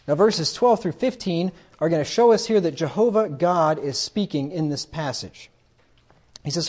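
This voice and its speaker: A man preaching a sermon in a somewhat high voice. He gets emphatic and rises in volume whenever he reads scripture aloud. The recording sounds dull and lo-fi. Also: expressive, moderate pace. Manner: emphatic, rises loudly when quoting scripture.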